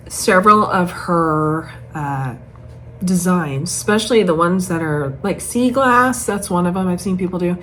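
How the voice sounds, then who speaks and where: A woman's voice: lowish voice, poor audio. A woman in a casual home vlog, chatting in a rambling, self-mocking way about her stitching projects. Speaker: cross-stitch vlogger. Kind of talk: casual chat. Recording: faint background noise.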